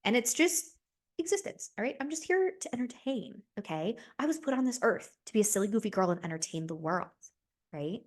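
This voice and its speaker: A woman's voice: mid-range voice, animated, fairly quick. A woman in her twenties hosting a solo podcast, talking casually and animatedly, rambling with lots of "like" and "right?" and swearing freely. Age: 20s. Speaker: podcast host.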